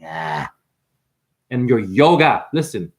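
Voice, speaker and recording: A man's voice: mid-range voice, big pitch swings, slow, background noise. A man giving a confrontational, preachy monologue as a spiritual teacher, calling the listener honey. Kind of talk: ranting monologue.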